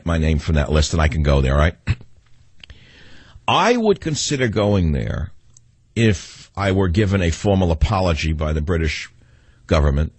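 A man's voice: deep voice, slightly rough, no echo. A man with a New York accent hosting a talk radio show in a combative, sarcastic monologue.

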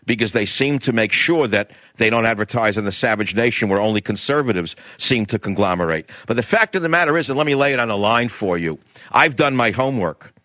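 A man's voice: lowish voice, lively intonation, a little fast, a bit bright, no echo. A middle-aged man hosting a talk radio show, speaking in a blunt, indignant, ranting manner. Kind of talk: political talk radio monologue.

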